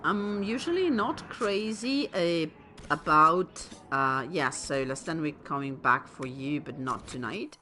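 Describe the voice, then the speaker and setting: A woman casually commentating her game stream, chatty and excitable, sounding tired. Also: low voice, measured pace, slight background noise. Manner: chatty, excitable, swears and laughs. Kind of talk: casual let's-play commentary.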